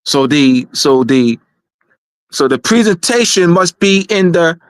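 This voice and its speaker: Hosting a weekly talk show, a man gives an emphatic lecture, insisting on his key points through repetition and frequent restarts. His voice is slightly high, smooth and animated, he takes it slowly, and there is no room sound.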